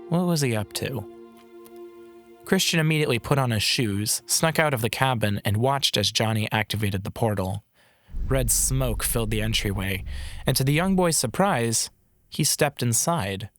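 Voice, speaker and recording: A man narrating a fantasy audiobook in a measured, dramatic storytelling manner. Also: mid-range voice, lively intonation, a bit bright. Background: background music.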